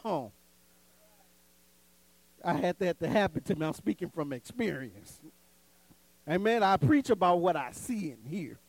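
A man with a high voice preaches in a call-and-response style, rising to loud, emphatic peaks and dropping to low, conversational asides. The sound is close and dry. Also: very animated, unhurried, long pauses, dry recording, low-quality recording. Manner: call-and-response preaching, dramatic swings in pitch and volume; folksy, conversational asides with laughter. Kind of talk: sermon.

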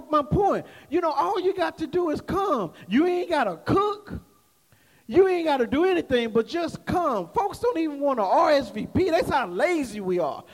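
Male pastor, very high-pitched voice, casual preaching, call-and-response, long hall echo. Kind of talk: sermon. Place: church sanctuary. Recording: echoey hall reverb.

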